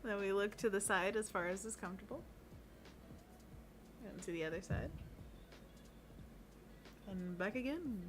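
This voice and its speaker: A woman of middle pitch co-hosts a casual livestream, talking viewers through stretches and chatting. She is light, giggly and playful. A faint hiss of noise sits behind her. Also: unhurried, pauses often. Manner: guides a hand-stretch routine, giggly and playful. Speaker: co-host of an art livestream.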